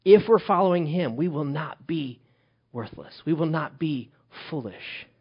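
A man preaching a sermon as pastor, swinging from loud emphatic calls to hushed, quiet lines. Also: a little high, animated, unhurried, slightly rough, muffled recording.

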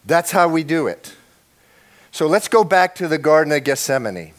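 Pastor preaching with big swings. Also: male voice, fairly high pitch, animated, moderate pace. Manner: swings from hushed to shouting, acts out prayers. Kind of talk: sermon.

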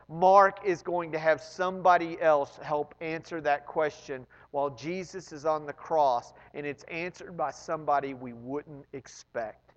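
A man preaching a sermon with animated swings between loud emphasis and hushed asides, often repeating words when excited. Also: on the high side, in a large hall, highs cut off. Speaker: pastor.

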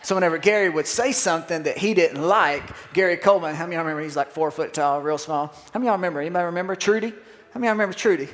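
Lively pastor preaching in a reverberant church. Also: male voice, a little high. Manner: animated, call-and-response with congregation. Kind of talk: sermon. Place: church sanctuary. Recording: long hall reverb.

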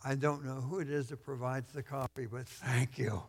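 A man from Texas preaching a sermon as a guest pastor, losing his voice, clearing his throat and pausing on fillers. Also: mid-range voice, flat delivery, big-room sound, a little hiss or hum.

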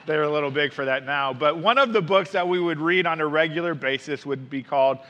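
A man's voice: on the high side, fairly quick, a bit bright, lo-fi sound, a little hiss or hum. A male pastor giving a sermon in a conversational, storytelling way, with asides to the congregation.

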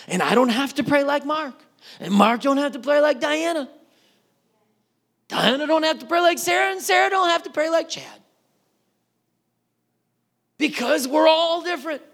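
Male pastor with a high voice, preaching casually and cracking jokes. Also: gravelly, a bit bright. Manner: conversational, joking, acts out voices. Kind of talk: casual sermon.

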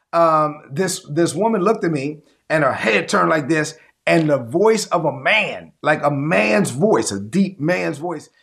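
Livestreaming his teaching to people online, a man preaches in an emphatic, repetitive way and keeps calling for responses. His voice is on the high side with a fairly bright tone.

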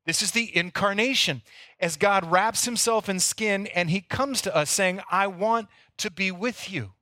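A man's voice: high voice, a little slow, bright, forceful tone, dry recording, studio quality. A man preaching a sermon, telling the story earnestly and sometimes repeating words as he goes. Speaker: pastor.

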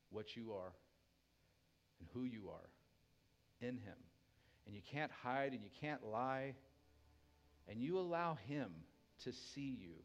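A male pastor with a medium-pitched voice preaches a sermon dynamically, sinking to a hushed, tender tone before rising loud again.

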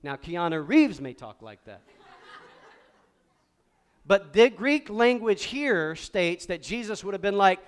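A man preaching a sermon to a live congregation with a high, smooth, resonant voice. He drives his points with energy and has the crowd repeat key words back to him. It is a spirited pulpit delivery. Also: slow, long pauses. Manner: animated preaching with call-and-response to the congregation. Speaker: pastor. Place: church sanctuary before a congregation.

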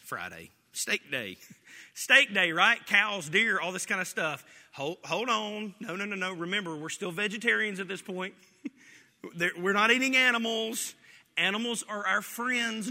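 A pastor preaching an animated, joking sermon, often laughing as he talks. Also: high-pitched, in a large hall.

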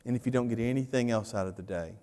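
A man preaching a sermon as pastor, animated, swinging from loud to hushed and repeating his phrases. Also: medium pitch, quick pace. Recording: reverberant church hall.

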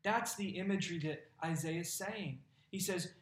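A man's voice: high voice, normal speed, hardly any pauses, a bit bright, roomy sound. A man preaching a sermon as pastor, conversational and folksy, laughing now and then.

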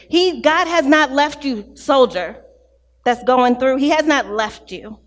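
Female preacher, high voice, impassioned testimonial sermon, long hall echo. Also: animated, takes it slowly. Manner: impassioned, testimonial, rising and falling between hushed and loud.

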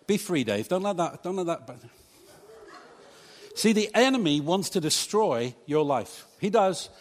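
A male pastor with a voice a touch higher than most men's preaches a sermon to his church congregation at a measured pace, his pitch swinging widely. He talks conversationally, slipping in humorous asides, and the hall adds a long reverb.

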